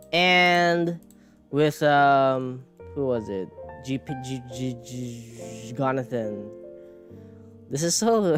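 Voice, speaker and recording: A man streaming, chatting casually while he draws, rambling and mocking himself, swearing and laughing often. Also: mid-range voice. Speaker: streamer and animator. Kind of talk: casual chat while drawing. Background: soft background music.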